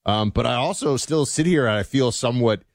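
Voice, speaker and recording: A man's voice: medium pitch, expressive, fairly quick, dry recording. A man co-hosting a talk radio show, chatting and reading a live sponsor spot with emphasis. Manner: conversational, emphatic ad delivery. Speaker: radio co-host.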